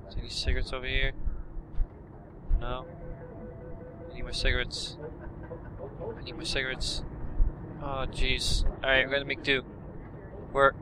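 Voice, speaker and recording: A man doing let's-play commentary, talking to himself in a frantic way and bursting out loudly. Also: mid-range voice, noisy background. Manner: frantic self-talk with loud outbursts. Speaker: gaming commentator.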